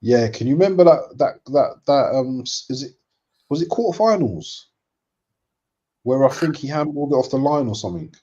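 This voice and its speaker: Man, husky dark voice, hesitant rambling chat, dull lo-fi sound. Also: medium pitch, expressive, normal speed. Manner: rambling, hesitant, fillers and slang. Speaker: co-host of a football watchalong. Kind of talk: casual chat.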